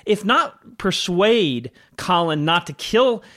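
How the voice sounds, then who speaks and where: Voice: medium pitch, lively intonation, slow pace, a bit bright. Chatty film talk, voice bounces around a lot, chimes in with observations. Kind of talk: casual film discussion.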